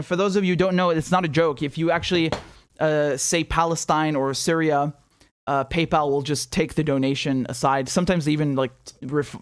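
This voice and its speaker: A young man with a fairly high, smooth voice hosts a live political commentary stream, recorded dry in a clean studio. He's an independent commentator who gets heated, sarcastic and profane, tripping over restarts as he reads viewer donation messages aloud.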